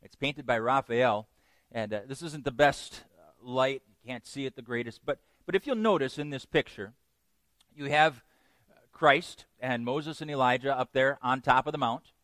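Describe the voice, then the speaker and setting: A man's voice: mid-range voice, normal speed, fairly bright tone, dry recording, studio quality. A man serving as pastor, reading scripture aloud and then preaching in a conversational, self-deprecating way, laughing at himself, in a church sanctuary.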